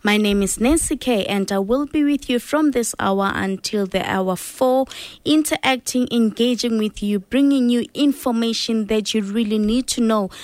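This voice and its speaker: A woman's voice: fairly high pitch, moderate pace, darkish tone, no echo. Woman hosting a radio show. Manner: friendly, chatty on-air address to listeners. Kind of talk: live radio show presenting. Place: radio studio. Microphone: studio microphone.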